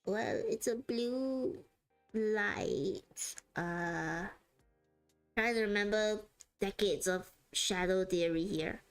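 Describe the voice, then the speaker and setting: A woman's voice: mid-range voice, takes it slowly, soft background music. A woman streaming live while she draws, chatting casually with viewers and laughing often. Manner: giggly and chatty, often laughing mid-sentence. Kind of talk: casual livestream chat.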